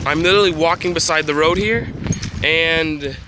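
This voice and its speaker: A man's voice: fairly high pitch, normal speed. Teenage guy, casual vlog, rambling with ums, handheld camera, noisy recording with wind and rain. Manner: rambling, with many ums and laughs. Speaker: vlogger. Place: home, then outdoors by a road in heavy rain.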